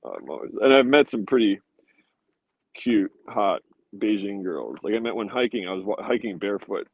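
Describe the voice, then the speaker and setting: A young man with a low voice and a dry, close sound rambles casually to his viewers. He swears constantly and drifts from laid-back chat into worked-up rants. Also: expressive, moderate pace, vocal fry, no echo, lo-fi sound. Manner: profane, laid-back, ranting.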